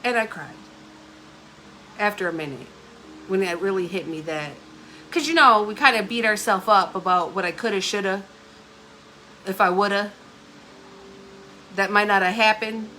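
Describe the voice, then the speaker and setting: A woman's voice: mid-range voice, normal speed, long pauses, pushed and bright, slight background noise. A middle-aged woman host casually telling a candid, emotional story, rambling with many fillers. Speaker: host of a live talk stream.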